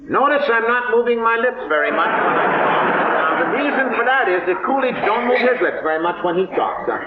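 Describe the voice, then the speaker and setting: An actor playing a middle-aged, folksy, wisecracking cowboy humorist, delivering a live stage monologue with homespun grammar and teasing asides to the audience. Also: male voice, extremely high pitch, lively intonation, moderate pace. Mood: wry. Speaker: one-man stage show performer. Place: theater stage before an audience. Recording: echoey, dull live stage recording from far off with loud noise. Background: audience laughter.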